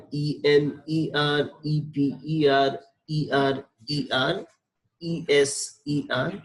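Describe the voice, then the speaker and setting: A man's voice: on the high side, rough recording. A man teaching French verb conjugation from slides, patient and repetitive, spelling out letters. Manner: slow, patient, spells out letters and repeats forms. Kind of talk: slide-based grammar lesson.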